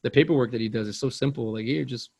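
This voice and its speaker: Podcast host, male, gravelly fry in the voice, loose rambling delivery, casual film talk. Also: medium pitch, quick pace, darkish tone. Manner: rambling, loose, says "like" and "dude" a lot. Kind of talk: casual movie chat.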